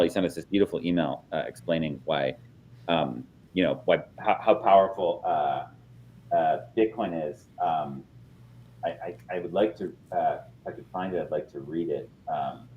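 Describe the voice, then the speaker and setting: Panel guest, man, deep voice, easygoing rambling delivery, slight background rumble. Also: lively intonation, normal speed, a little mellow. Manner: loose and conversational, many fillers. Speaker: Bitcoin nonprofit organizer. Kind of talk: casual panel chat.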